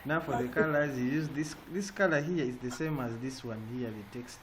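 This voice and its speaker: A man's voice: mid-range voice, moderate pace, a loud crowd. A man teaching an online design class. He stops often to check in with "eh?" and "yeah?". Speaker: design trainer. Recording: noisy online call audio.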